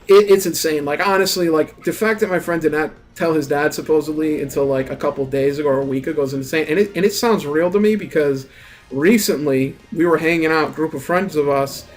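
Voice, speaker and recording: A young man telling a story in a casual, rambling rant, animated and full of swearing and filler words. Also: on the high side. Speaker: gaming streamer.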